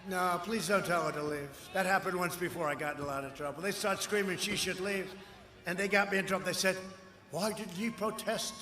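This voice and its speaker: Older man shouting a rally speech. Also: sits high, steady tone, brisk. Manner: boastful, rambling, with frequent shouted asides. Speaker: political candidate at a rally. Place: large outdoor rally crowd. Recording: echoey live rally sound with long reverb.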